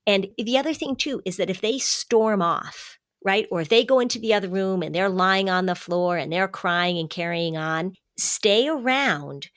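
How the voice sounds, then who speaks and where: A middle-aged woman hosting a parenting podcast, explaining calmly and emphatically, slowing down to stress key points. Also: mid-range voice, dry recording, studio quality. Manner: calm, warm-hearted, emphatic, slows for stress. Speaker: podcast host, anxiety expert.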